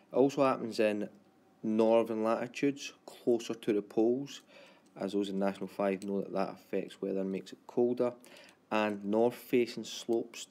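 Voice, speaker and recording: A man teaching a geography lesson in a self-described monotone. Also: lowish voice.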